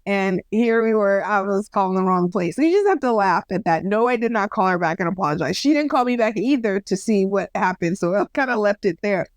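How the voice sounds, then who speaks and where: Animated woman chatting on a podcast, mid pitch, dry close sound. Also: a little fast, few pauses, no echo. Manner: animated storyteller, acts out quoted voices, laughs at herself. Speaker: podcast co-host. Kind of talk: casual storytelling chat.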